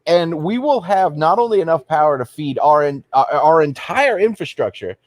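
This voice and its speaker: A man's voice: fairly high pitch, lively intonation, normal speed, no room sound. A man co-hosting a casual chat, rambling through his opinions and restarting his sentences.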